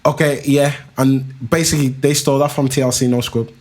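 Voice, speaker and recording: A young man, co-hosting a podcast. He talks in lively, slangy banter and laughs easily. His voice sits at an ordinary middle pitch. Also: brisk. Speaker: podcast co-host. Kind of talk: casual chat.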